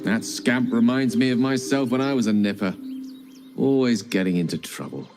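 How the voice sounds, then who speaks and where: A man's voice: medium pitch, moderate pace, background noise, natural voice. A man voicing a charming, self-assured male wizard in a video game, speaking with a witty, theatrical manner. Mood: wry. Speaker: game character. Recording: game audio with music underneath. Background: game music.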